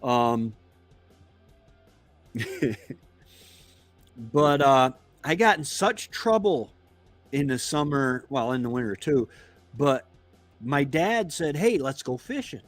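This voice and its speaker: Slow, meandering male storyteller. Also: mid-range voice, animated, no room sound, faint music behind. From Florida. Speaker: homestead channel host. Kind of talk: casual storytelling on a live stream.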